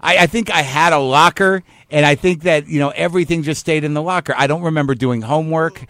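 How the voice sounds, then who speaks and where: Guy rambling on a podcast, lots of i-i restarts, somewhat high voice. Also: fast talker, a bit bright, no room sound, studio quality. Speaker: podcast guest. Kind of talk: casual chat.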